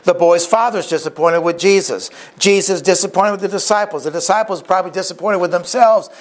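This preacher has a fairly high voice and a fairly quick delivery as he retells a story vividly from the pulpit, repeatedly restarting and slipping in asides.

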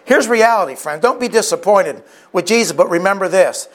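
A man's voice: high voice, expressive, normal speed. A man preaching a sermon, retelling a story vividly with frequent restarts and asides.

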